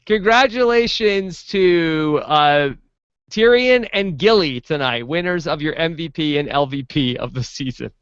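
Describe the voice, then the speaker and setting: A man's voice: on the high side, a little slow, fairly bright tone, clear, resonant tone, no echo. A man hosting a podcast in casual chat, steering the segment and laughing easily. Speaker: podcast host. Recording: dull lo-fi podcast audio.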